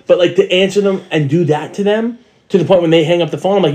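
A man's voice: high-pitched, steady tone, fast talker, darkish tone. A man co-hosting a casual podcast chat, giving blunt, profane opinions and quoting people in his anecdotes. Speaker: podcast co-host.

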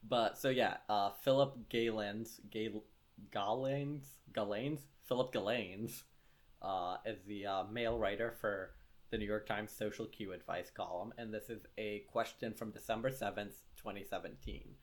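A man's voice: lowish voice, fairly even intonation. A young man co-hosting a podcast, chatting casually and joking at his own expense with many fillers. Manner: joking, self-deprecating, halting with fillers. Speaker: podcast co-host.

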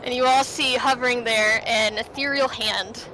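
A woman narrating a tabletop game as the game master, in a relaxed, unhurried way with many fillers. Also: a little high. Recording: noticeable background noise.

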